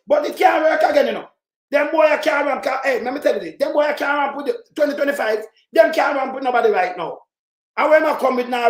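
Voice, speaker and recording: A speaker with a Jamaican accent giving an angry, profane political rant that keeps breaking into shouts. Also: high voice. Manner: profane, heated, shouts in bursts. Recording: roomy echo.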